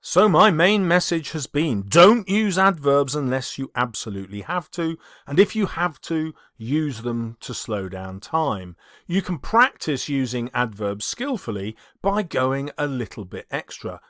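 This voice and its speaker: A man from England teaching English writing in a video lesson, lively and expressive, reading his examples aloud with dramatic emphasis. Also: medium pitch, unhurried, no room sound, studio quality.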